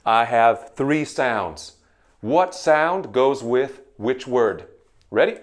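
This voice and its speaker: Male English teacher, drill-sergeant delivery, very slow and deliberate, lively swooping pitch. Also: heavy background noise. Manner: barked commands, slow drilled word lists. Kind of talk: drill-sergeant pronunciation lesson.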